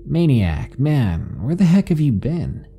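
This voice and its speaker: A man voicing an annoyed male trucker who calls out loudly and challengingly over the radio in a storybook horror reading. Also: mid-range voice, big pitch swings, slow, slight background noise, pitched above the performer's own voice. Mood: indignant.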